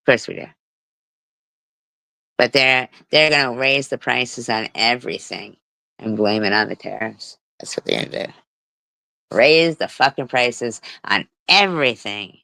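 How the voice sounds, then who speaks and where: A woman's voice: rumbling low, pushed and bright, no room sound. Blunt, foul-mouthed woman. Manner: blunt, heavy swearing, storytelling. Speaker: livestream host. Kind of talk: casual livestream chat.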